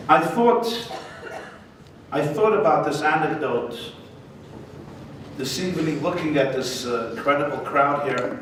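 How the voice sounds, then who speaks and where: A man, a rabbi, giving a humorous, animated speech at a gala dinner in a large banquet hall. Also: a little high, unhurried, long pauses. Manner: joke-telling, animated. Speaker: guest speaker, rabbi. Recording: echoey banquet hall from far off, noisy.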